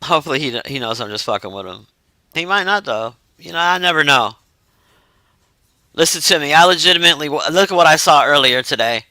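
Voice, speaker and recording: A man casually chatting to his live-stream viewers in a profane, animated way, swinging into mock outrage. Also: fairly high pitch, a little fast, no echo.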